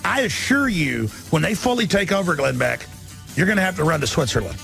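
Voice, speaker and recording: A man hosting a talk radio show, ranting combatively and mockingly, his voice climbing into shouts. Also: on the high side, sing-song, fairly quick, soft background music. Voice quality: gravelly, husky. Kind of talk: ranting monologue.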